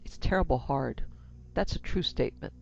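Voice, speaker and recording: A stern soldier, voiced by a woman reading a horror tale aloud speaks in a low, hard, clipped way. The voice has a gravelly edge. The recording sounds slightly dull. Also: lively intonation, normal speed, darkish tone, full character voice. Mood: dry. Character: stern, dutiful male soldier.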